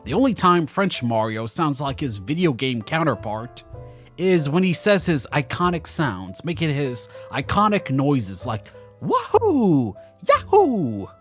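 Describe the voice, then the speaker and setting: A man's voice: mid-range voice, very animated, measured pace, a bit bright, faint music behind. A man narrating a scripted commentary video, with sarcastic, mocking asides.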